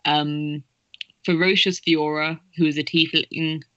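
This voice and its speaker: A woman narrating as game master of a tabletop game, chatty and quick to giggle. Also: low voice, level tone, pushed and bright, dry recording, muffled recording.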